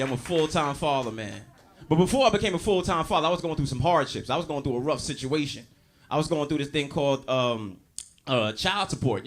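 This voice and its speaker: High, bright-voiced male stand-up comic. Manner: loud, crowd-working, storytelling with acted quotes. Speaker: stand-up comedian. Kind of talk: stand-up comedy set. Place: comedy club stage.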